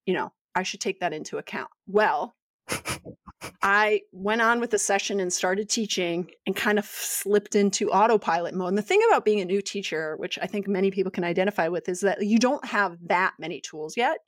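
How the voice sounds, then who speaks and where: A woman's voice: mid-range voice, moderate pace, no room sound. Lady podcast host telling a funny story, close dry mic. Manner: animated storyteller, acts out quotes. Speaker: podcast co-host, yoga teacher. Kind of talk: casual storytelling chat.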